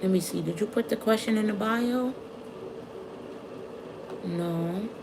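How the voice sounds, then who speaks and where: Woman, tarot reader on a live stream; fast, casual, chatty delivery, faint background noise. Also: medium pitch, vocal fry.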